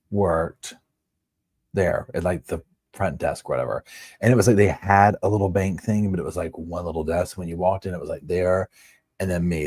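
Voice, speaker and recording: A man's voice: deep voice, husky, no room sound, clean studio sound. A man in his forties hosting a livestream from home, telling a casual, rambling story full of "like" and "you know.". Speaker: livestream host.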